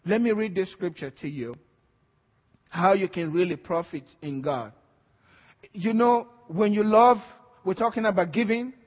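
A man preaching a sermon with passion, building up to shouts as he reads scripture. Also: high-pitched, husky, big-room sound, muffled recording. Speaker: pastor.

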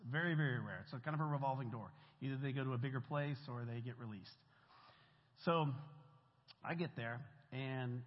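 A man telling a church congregation a story from his volunteer ministry in a casual, chatty way with slang. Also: mid-range voice. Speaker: church volunteer giving testimony. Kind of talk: testimony told to a church congregation. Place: church meeting room. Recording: echoey hall, dull lo-fi sound.

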